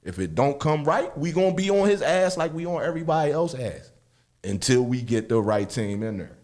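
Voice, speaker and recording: Man, radio co-host, fired-up debate, lots of cursing and laughing, swooping intonation. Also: brisk. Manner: animated, swearing, laughs often, swings loud and high. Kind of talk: heated casual debate.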